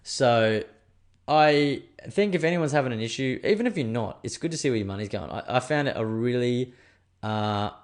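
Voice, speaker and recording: A man's voice: mid-range voice, animated, moderate pace. A young man hosting a solo podcast, chatting casually and swearing as he rambles through stories. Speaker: podcast host.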